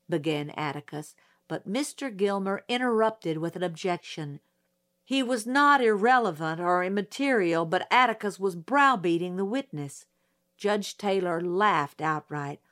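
A woman narrating a novel as an audiobook. Her voice sits on the low side and she reads very slowly and deliberately. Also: fairly bright tone. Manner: slow, deliberate reading.

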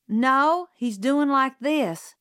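A woman's voice: sits high, animated, drawn-out words, fairly bright tone, clean tone, no echo, studio quality, voice pushed up, exaggerated voice. A woman reading aloud who voices an anxious, stubborn young boy in a storybook, pleading and insistent. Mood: urgent.

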